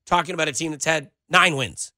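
A man's voice: on the high side, a little fast, pushed and bright, no room sound. A male sports radio host talking with a sarcastic, riled-up edge.

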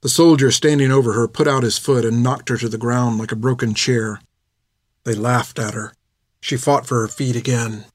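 A man narrates a novel chapter in a steady, measured way, his voice sitting at an ordinary middle pitch. He is recorded close to the mic, and the sound is dry and free of room echo. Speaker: audiobook narrator. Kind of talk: scripted narration.

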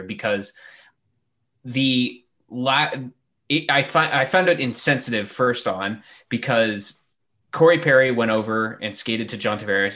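A man's voice: on the low side, a bit bright. A man giving blunt, emphatic opinions on a casual sports discussion panel, with frequent fillers. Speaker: hockey podcast panelist.

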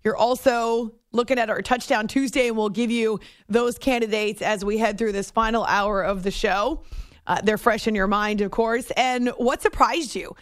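A middle-aged woman hosting a late-night sports radio show, chatty and animated, in a studio. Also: fairly high pitch, moderate pace, no echo. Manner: chatty, animated storytelling with laughs and restarts. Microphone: studio microphone.

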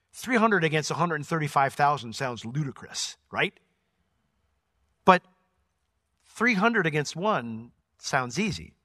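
A man's voice: fairly high pitch, a bit bright, no room sound, studio quality. A man teaching through a Bible passage verse by verse, conversational and emphatic, explaining word meanings.

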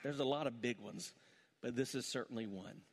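A middle-aged pastor with a medium-pitched voice, speaking at normal speed, preaches a sermon that starts with a family story and builds into impassioned preaching. Long church hall reverb fills the recording.

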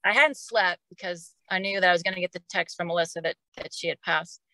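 A middle-aged woman tells a personal story as a guest on a podcast. Her voice is bright and clear, recorded dry and close with little room sound. She talks in an emotional, casual way and often repeats words as she goes. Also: lowish voice, fast talker, dry recording, rough recording. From Oklahoma.

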